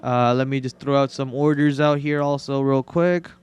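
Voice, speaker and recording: A man's voice: mid-range voice, steady tone, normal speed, clear, resonant tone. A man hosting a live trading stream, chatting casually and joking while he talks through his trades, often repeating words as he goes.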